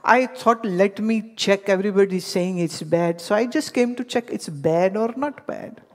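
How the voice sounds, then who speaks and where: A woman's voice: medium pitch, normal speed, natural voice. A woman playing a middle-aged father who has been caught out and sheepishly makes excuses, in a long hall reverb.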